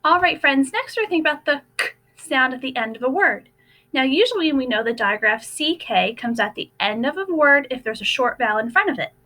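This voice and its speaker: Young teacher lady, high bright voice, sounding out letters slow for first graders. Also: animated. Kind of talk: recorded phonics lesson for young children.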